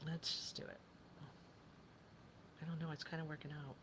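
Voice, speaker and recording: A woman's voice: sits low, little pitch movement, moderate pace, noisy background. A woman chatting casually as she works on a craft project, thinking aloud and often dropping to a whisper.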